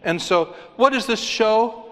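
A man preaching a sermon, rising for key points and dropping low and quiet for stress. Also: measured pace, long reverb tail. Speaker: pastor.

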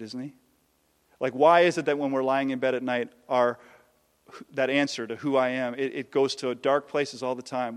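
A man preaching a sermon with passion, swinging between loud peaks and hushed lows. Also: long reverb tail. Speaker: pastor.

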